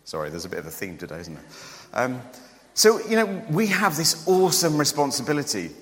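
Male preacher, chatty and joking, lively rising pitch, long church-hall reverb. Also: a little fast. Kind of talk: sermon.

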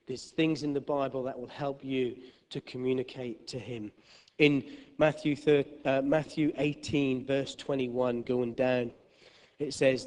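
A man preaching a sermon in church, swinging from loud, high bursts to quiet, low asides. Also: normal speed, in a large hall. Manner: animated storytelling with sudden loud high bursts and quiet drops. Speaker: pastor.

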